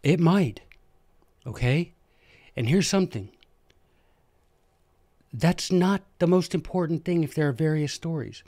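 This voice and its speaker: A man, hosting a podcast and telling history stories in a lively, joking, self-deprecating way. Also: fairly high pitch, measured pace, pauses often, dry recording, clean studio sound. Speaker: podcast host, former history teacher. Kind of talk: casual history storytelling monologue.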